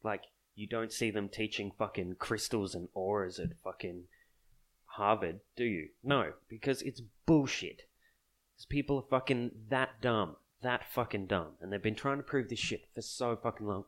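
A man's voice: on the low side, moderate pace. A man on a profane solo podcast rant, exasperated and sarcastic, swearing constantly. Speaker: podcast host.

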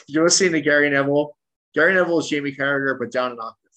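A man's voice: on the high side, fast, bright, forceful tone. A man co-hosting a sports podcast, reading listener questions and chatting casually. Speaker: podcast co-host.

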